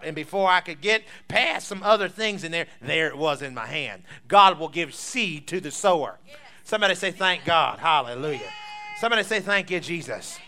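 A man's voice: on the high side, bright, forceful tone. A male preacher, leading a sermon with call-and-response and bursts of praise. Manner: exuberant call-and-response, breaks into laughter and tongues.

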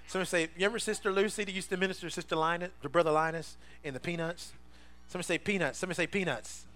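Soft music plays behind a pastor whose sermon runs on call-and-response, driven by his repeated "somebody say" cues. He laughs easily and keeps things playful, moving from shouting to low, intense delivery.

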